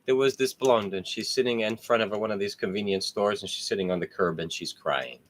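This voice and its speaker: Jokey low-voiced man hosting a ramble. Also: a little fast. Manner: laughs often, swears freely, jokey. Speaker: host. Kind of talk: casual rambling monologue.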